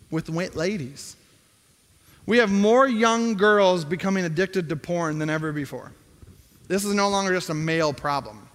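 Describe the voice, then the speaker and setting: A man's voice: high-pitched, fairly bright tone. A middle-aged male pastor preaching a sermon in a conversational tone that rises to emphatic pleading. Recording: hall reverb.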